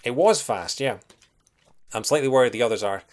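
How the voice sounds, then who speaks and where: While streaming a retro game, a young Scottish man with a soft accent chats casually, thinks out loud, and says hello to viewers along the way. He talks briskly at a medium pitch.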